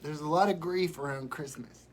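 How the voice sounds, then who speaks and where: A man chatting and rambling warmly on a live stream from home while sick, showing gifts and telling stories. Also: fairly high pitch, moderate pace, slight background noise. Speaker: vlogger. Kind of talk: casual live-stream chat.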